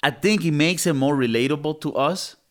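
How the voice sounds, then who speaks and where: A man's voice: on the high side, a little fast. Casual male podcast co-host, loose and profane. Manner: casual, swears freely, restarts. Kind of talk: casual movie review chat.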